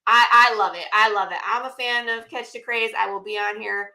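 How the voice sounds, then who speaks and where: A woman's voice: medium pitch, fairly even intonation, fairly quick, bright, forceful tone. A woman appearing as a guest on a podcast, chatting casually and effusively and laughing easily. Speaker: guest comic creator. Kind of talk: casual interview chat.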